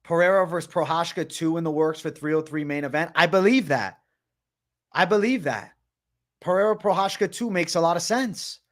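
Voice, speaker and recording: A young man hosting a livestream, talking excitedly and repeating himself, swearing often and calling his viewers bro. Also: high voice, brisk. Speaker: livestream host. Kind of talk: livestream commentary.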